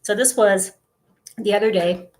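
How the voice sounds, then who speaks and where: A woman's voice: medium pitch, steady tone, unhurried. A woman in her fifties chatting casually to the camera, telling stories with giggles and lots of fillers. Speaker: vlogger. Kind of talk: casual chat.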